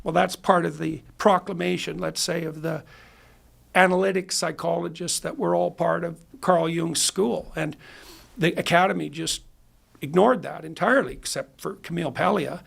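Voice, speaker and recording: Interview guest, male psychologist; high, very gravelly voice; emphatic, lecturing delivery. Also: steady tone, normal speed, a bit bright. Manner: emphatic, builds ideas step by step.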